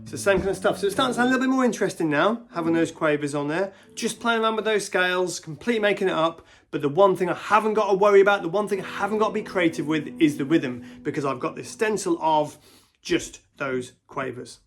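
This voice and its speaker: A man's voice: high voice, fast. A man teaching guitar in a casual way, counting beats and scatting rhythms aloud. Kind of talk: casual instructional talk. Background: guitar and backing track playing.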